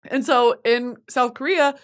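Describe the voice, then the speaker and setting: A woman's voice: high-pitched, a little slow. A young woman from the United States hosting a podcast, rambling through a profane, jokey monologue. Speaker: podcast host. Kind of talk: casual comedic monologue.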